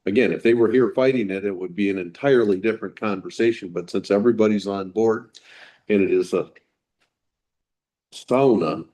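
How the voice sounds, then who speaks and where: A man's voice: fairly low pitch, moderate pace, warm tone. Man making a casual case at a meeting. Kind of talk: public meeting testimony.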